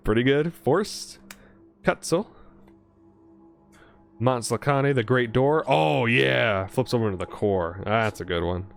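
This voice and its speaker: A young man casually narrating a card pack opening, reading card text aloud quickly and reacting with excitement. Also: mid-range voice, vocal fry, faint music behind. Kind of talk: casual commentary while opening card packs.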